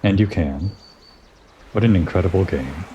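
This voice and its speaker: A man giving relaxed, musing commentary over a game playthrough, thinking aloud and talking to the character he plays. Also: low voice, moderate pace, highs cut off, slight background noise. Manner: musing, talks to himself and the character. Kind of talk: relaxed let's-play commentary.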